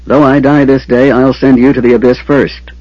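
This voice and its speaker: A man voicing a desperate, hotheaded knight in an audiobook, hoarse and fierce. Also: medium pitch, level tone, moderate pace, no echo, pitched above the performer's own voice, lightly acted. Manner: fierce and frantic. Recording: dull lo-fi.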